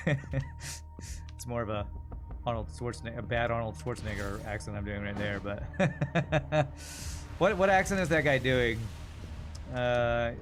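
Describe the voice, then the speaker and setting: A man's voice: medium pitch, measured pace, long pauses, faint music behind. A man streaming a video game, chatting casually and answering viewer questions while he plays. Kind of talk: casual gameplay commentary.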